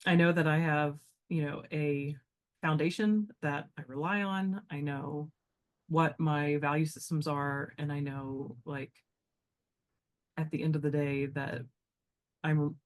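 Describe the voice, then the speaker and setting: Speaking at a moderate pace in a deep, steady voice, a woman who comes across as a teacher reflects aloud as a guest on a relaxed podcast. Her thoughts ramble, packed with filler words.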